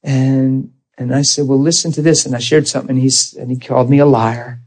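Husky-voiced man preaching a story. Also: medium pitch, brisk, rough recording. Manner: earnest, animated retelling with quoted dialogue. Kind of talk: storytelling sermon.

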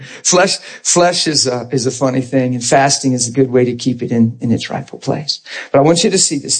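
Preacher, male, husky tone, easygoing informal sermon delivery, keeps asking if listeners follow. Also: mid-range voice. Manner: informal and plain-spoken, checking in with listeners. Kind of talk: conversational sermon.

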